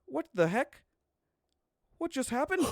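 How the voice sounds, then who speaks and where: A man voicing a startled, heavily pregnant village woman in a tabletop game, pitching his voice well up for her surprised questions. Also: very animated, measured pace, no room sound, clean studio sound, exaggerated voice.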